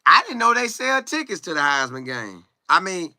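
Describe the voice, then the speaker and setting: Lively, bright-voiced man chatting with viewers. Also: high voice, normal speed, gravelly, no echo, clean studio sound. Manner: animated, chatty, sings and riffs, reads viewer comments aloud. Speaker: sports commentary streamer. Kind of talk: casual live-stream chat.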